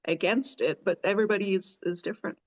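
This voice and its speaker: A woman's voice: mid-range voice, quick pace. A woman hosting a podcast in casual chat, chatty and often laughing as she talks. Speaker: podcast host.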